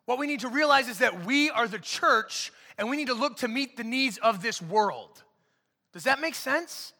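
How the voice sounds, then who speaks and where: A man in his thirties preaching a sermon in a church, animated and joking, acting out quotes. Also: extremely high pitch, moderate pace, big-room sound. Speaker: pastor. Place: church auditorium.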